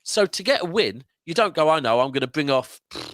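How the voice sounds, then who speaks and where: A man's voice: a little high, big pitch swings, a little fast, a bit bright, dry recording. A man from England co-hosting a football fan show, chatting casually and rambling, often checking in with "yeah?".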